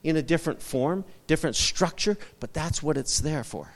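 A man's voice: on the high side, expressive, normal speed, in a large hall. A male pastor preaching a sermon, repeating short emphatic phrases and asking the congregation for amens.

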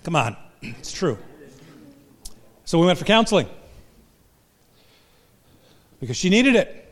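A man's voice: sits high, sing-song, normal speed. An older man, a pastor and marriage counselor, giving a humorous, self-deprecating talk to a live audience. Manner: self-deprecating, joking storyteller.

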